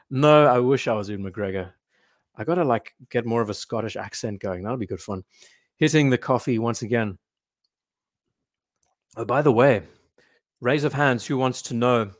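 A man's voice: mid-range voice, measured pace, pauses often, no room sound, studio quality. A man hosting a casual live stream, rambling and reading viewer comments aloud.

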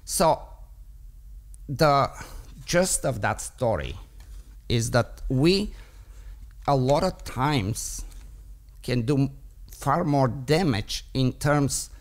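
A man's voice: mid-range voice, expressive, very slow, pauses often. A man who trains dogs, debating on a podcast and explaining a point by telling a story, voicing the thoughts of its characters along the way. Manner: explanatory, tells stories with voiced inner thoughts.

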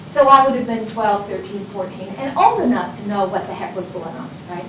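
A woman's voice: medium pitch, animated, fairly quick, pushed and bright. A Texas-raised woman in her sixties, a college instructor who gives an informal, rambling public lecture and talks straight to her audience. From Texas, USA. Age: 60s. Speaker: college instructor giving a talk. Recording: echoey room, distant mic, background noise.

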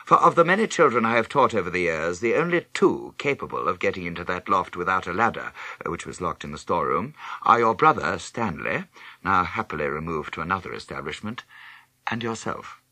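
A stern, quietly menacing headmaster, as a male reader puts him on speaks in a low, husky voice that swings widely in pitch. His words come measured and cutting. The delivery is dry and close for a storybook reading. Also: sing-song, no echo, heavily acted. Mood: coldly probing. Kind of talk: audiobook character reading.

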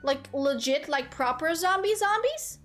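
Woman gaming streamer, high bright voice, swooping lively delivery, faint game music behind. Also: a little slow. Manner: animated, talks to chat and reads game lines aloud. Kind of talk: casual gameplay commentary.

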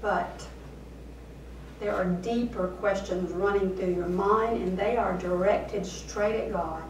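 Woman pastor preaching a sermon, unhurried and deliberate, echoey sanctuary sound with the mic far off. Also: medium pitch, slight background noise. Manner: slow and deliberate, with rhetorical questions.

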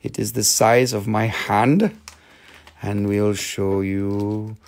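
A man's voice: lowish voice, fairly even intonation, slow, gravelly, a little mellow. A man hosting a live rock sales stream, joking and rambling in playful sales patter.

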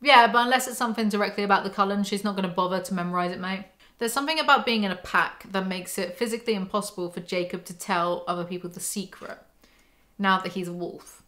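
Sarcastic woman, book recap host, bright edgy tone. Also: mid-range voice, quick pace. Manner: sarcastic, mocking asides. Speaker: book commentary YouTuber. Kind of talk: casual snarky book recap.

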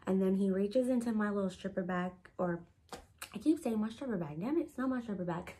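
A woman telling a personal story to her viewers in a casual, animated way, swearing freely and filling her talk with "like". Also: medium pitch, brisk. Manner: animated, profane, heavy use of "like". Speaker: storytime vlogger.

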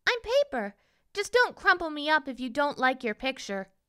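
A woman reading a children's storybook aloud, voicing an eager young paper princess in a bright, wondering, earnest way. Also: high voice, sing-song, moderate pace, pitched above the performer's own voice, heavily acted.

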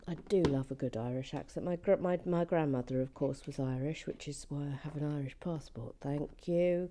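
A woman giving relaxed commentary while building a set, chatty and often slipping into a soft whisper. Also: low-pitched, a little fast, hardly any pauses, a little hiss or hum.

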